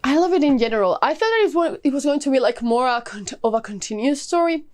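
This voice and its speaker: A woman's voice: high voice, expressive, quick pace, darkish tone. A woman giving a casual book review vlog, gushing with enthusiasm and filling her talk with "like" and "uh". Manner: gushing, enthusiastic, many fillers like "like".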